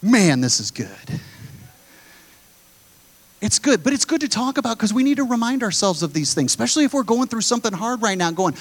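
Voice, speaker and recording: High-voiced preacher repeating key lines. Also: male voice, lively intonation, a little fast. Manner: preaching with emphatic repetition, addresses the congregation directly. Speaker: pastor. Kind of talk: sermon.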